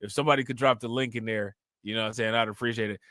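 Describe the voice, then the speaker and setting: A man hosting a casual live-stream reaction show, reading out chat shout-outs with frequent laughter and slangy asides. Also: mid-range voice, fairly even intonation, very fast, no room sound, clean studio sound. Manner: laid-back, laughs often, reads chat shout-outs. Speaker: livestream reaction host.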